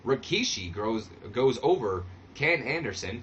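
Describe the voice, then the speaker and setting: A man's voice: mid-range voice, big pitch swings, normal speed, hardly any pauses, fairly bright tone, lo-fi sound, a little hiss or hum. A man hosting a let's-play commentary of a wrestling sim game, talking in a casual, sarcastic, self-deprecating way. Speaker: channel host.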